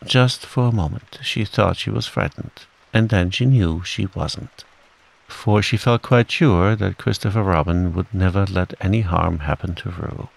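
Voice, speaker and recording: A man narrating a children's classic as a calm, relaxing bedtime story, with rain falling behind him. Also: low-pitched, measured pace, gravelly, poor audio. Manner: gentle, relaxing. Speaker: audiobook narrator.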